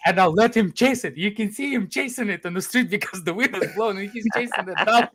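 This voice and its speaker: A man's voice: high voice, quick pace, fairly bright tone. A man with a Russian accent, telling stories from his youth in a casual chat and laughing through them.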